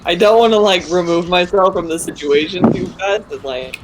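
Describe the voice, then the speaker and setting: A woman playing a tabletop game with friends, wry and animated, sometimes talking as her character. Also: on the low side, normal speed, background noise. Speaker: player. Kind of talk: casual chat in a tabletop game.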